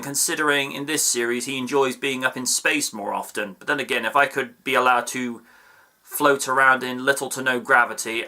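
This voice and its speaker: A man's voice: medium pitch, pushed and bright. A man giving a casual, chatty review of an episode, with playful asides and digressions. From United Kingdom.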